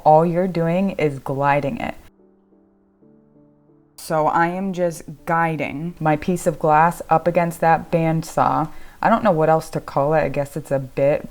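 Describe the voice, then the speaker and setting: A woman demonstrating a stained glass tool in a casual tutorial vlog, explaining as she works and often gushing with excitement. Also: low-pitched. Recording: echoey room with faint music.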